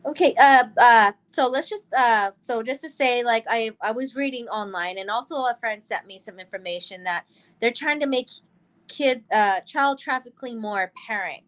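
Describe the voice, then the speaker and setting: A woman's voice: on the high side, normal speed, fairly bright tone. Earnest, rambling woman co-host. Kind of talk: casual chat.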